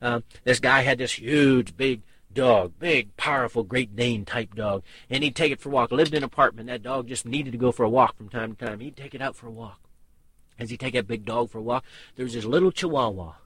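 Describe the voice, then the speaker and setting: A man's voice: mid-range voice, a little fast, fairly bright tone, husky, no room sound. A man preaching to pastors in a folksy storytelling manner, repeating his key phrases for emphasis. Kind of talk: sermon.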